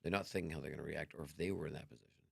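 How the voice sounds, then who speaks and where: Middle-aged male guest, gravelly and raspy, quick animated storyteller, dry close sound. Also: extremely low pitch, no echo. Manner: animated, acts out dialogue, swears freely. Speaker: podcast guest. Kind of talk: casual storytelling chat.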